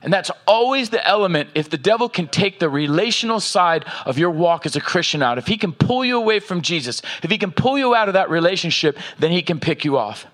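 A man preaching a sermon, reading scripture aloud with slow emphasis and checking in with the congregation. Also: sits high, very animated, a bit bright. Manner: asks the audience "are you with me", reads scripture aloud with slow emphasis. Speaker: pastor.

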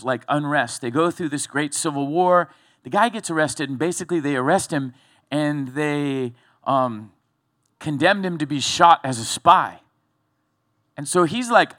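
Man, pastor, sermon, storytelling, slightly high voice, dry close sound. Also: no room sound. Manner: conversational, animated storytelling with restarts.

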